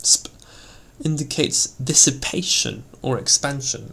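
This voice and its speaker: A man reads aloud from an old textbook on elocution, taking his time over every phrase. His voice is gravelly and his pace unhurried. He gives the sample words their own sound as he lists them. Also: mid-range voice, a bit bright. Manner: slow deliberate reading, acting out example words. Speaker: reader of an old elocution text. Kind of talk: scripted reading aloud.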